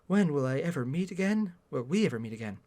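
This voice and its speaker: A man reading the lines of a shy, awkward young woman interviewer in a flat, plain read-aloud way. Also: on the high side, fast. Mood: flustered.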